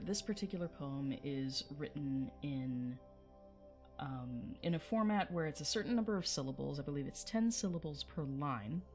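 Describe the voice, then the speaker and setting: Female streamer, low voice, chatty, reads verse aloud, faint music behind. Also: a little mellow. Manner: chatty, laughs often, greets chat viewers. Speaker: livestream host reading and reviewing poetry. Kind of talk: casual livestream chat and poetry reading.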